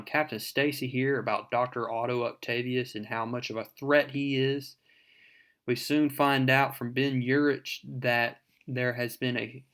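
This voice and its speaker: A man's voice: mid-range voice, a bit bright. A man casually retelling a comic book issue in a rambling recap full of fillers.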